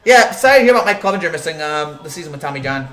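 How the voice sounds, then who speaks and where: Male sports-stream host, lively pitch, rambling banter, echoey room. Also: racing. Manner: rambling, joking, many restarts and fillers. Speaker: sports show host reading live chat. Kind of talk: casual live-stream chat.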